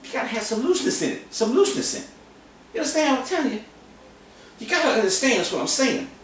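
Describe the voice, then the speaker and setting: A man's voice: very high-pitched, sing-song, fast talker, noisy background. Goofy man teaching drums in echoey room. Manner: goofy, repetitive, mock-boastful. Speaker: drum teacher. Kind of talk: comedic casual drum lesson. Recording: very echoey room, camera mic from a distance.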